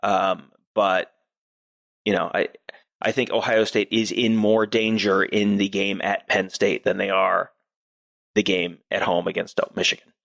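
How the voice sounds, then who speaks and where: A man's voice: low-pitched, level tone, a little slow, creaky, a bit bright. A man co-hosting a sports podcast, talking casually and analytically and thinking aloud with frequent restarts.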